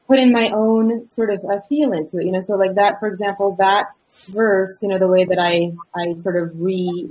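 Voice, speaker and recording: A woman, a singer and teacher, chatting in an interview with a thoughtful, hesitant manner full of fillers. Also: medium pitch. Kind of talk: casual interview chat. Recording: dull lo-fi audio.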